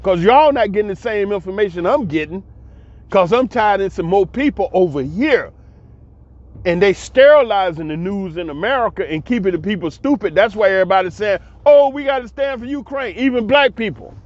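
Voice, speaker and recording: A man's voice: sits high, animated, brisk, dry recording, highs cut off. A man giving a casual spoken commentary, blunt and emphatic, repeating himself and swearing freely. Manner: emphatic, repetitive, blunt and profane. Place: abroad.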